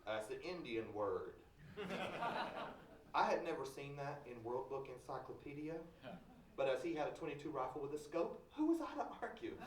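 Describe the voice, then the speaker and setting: A man's voice: on the high side, lively intonation, fairly quick, background noise. A man from Kentucky, telling a story live in a folksy, wry way, heard in a large hall from a distance. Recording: roomy hall from far off.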